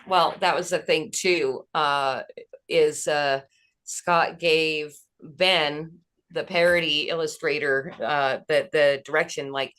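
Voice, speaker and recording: Brief: hesitant rambler, mid pitch, loose podcast talk. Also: steady tone, slow, fairly bright tone. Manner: rambling, hesitant, many fillers. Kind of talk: casual podcast chat.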